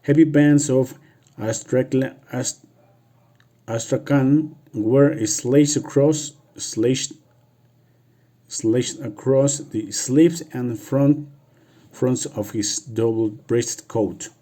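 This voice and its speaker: A man whose first language is Spanish reads a novel aloud for practice, halting and restarting words as he goes. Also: mid-range voice, dark tone. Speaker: reader.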